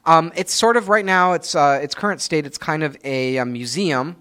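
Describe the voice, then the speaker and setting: A man's voice: a little high, moderate pace, sharp tone, smooth. A man co-hosting a podcast, rambling through crude comic stories with many fillers. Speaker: podcast co-host. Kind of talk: casual comedic chat.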